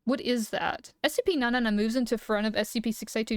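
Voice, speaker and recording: A young woman streaming live, reading lore aloud and chatting with viewers, excitable and quick to laugh. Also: a little high, no room sound, clean studio sound. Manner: excitable, giggly, reacting loudly.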